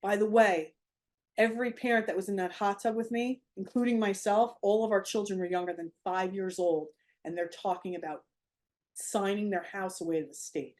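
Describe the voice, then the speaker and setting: A woman's voice: medium pitch, fairly even intonation, darkish tone. A middle-aged woman giving a motivational talk as a parent coach, emphatic and blunt. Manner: emphatic and blunt, with quick acted quotes.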